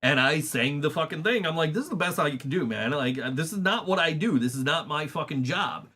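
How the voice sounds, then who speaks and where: A man's voice: a little high, lively intonation, fairly quick, sharp tone, breathy edge. Profane, laughing male podcast host. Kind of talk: casual chat.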